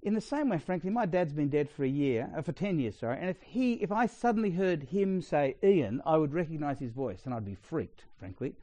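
A middle-aged Australian man preaching a sermon in a chatty, storytelling way with quick asides. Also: fairly high pitch, lively intonation, dark tone, no room sound.

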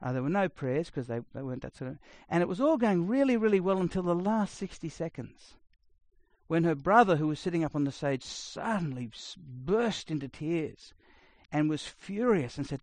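A middle-aged man preaching a sermon, blunt and conversational, swinging between loud emphasis and quiet asides. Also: a little high, animated, moderate pace, dry recording. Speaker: pastor.

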